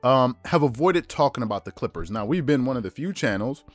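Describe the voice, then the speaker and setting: A man hosting a sports talk show in a quick, chatty flow, often restarting his phrases. His mid-range voice sounds dry and close to the mic. Faint music plays underneath. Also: mid-range voice, expressive, no room sound. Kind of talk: casual sports commentary monologue.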